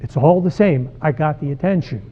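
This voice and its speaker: Man voicing an attention-seeking youngest kid, flippant and uncaring, husky, tinny. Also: on the high side, a little fast. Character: attention-hungry youngest child. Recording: tinny phone-like sound.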